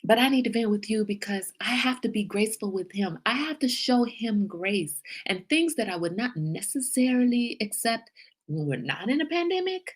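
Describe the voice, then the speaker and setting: A middle-aged woman hosting a livestream, chatting casually and emphatically with viewers and telling animated stories. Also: on the high side, moderate pace. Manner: animated storyteller, emphatic, reads viewer comments. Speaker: livestream host.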